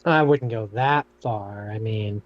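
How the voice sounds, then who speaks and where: A man's voice: on the low side, slow pace, highs cut off. A man chatting on a podcast, dropping short joking remarks. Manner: brief joking interjections. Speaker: podcast co-host. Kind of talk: casual chat.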